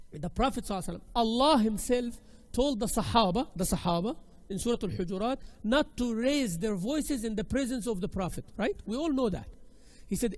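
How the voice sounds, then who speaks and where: A man teaching a class in a lively, conversational way, acting out examples as he goes. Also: high voice. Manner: animated and conversational, acts out examples. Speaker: Islamic studies teacher. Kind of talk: classroom lecture.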